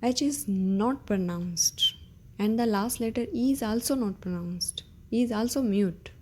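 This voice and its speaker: Slow, mellow-voiced woman teaching. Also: mid-range voice, lively intonation. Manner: patient, repeats words and asks "okay?". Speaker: French teacher. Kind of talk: slow beginner language lesson.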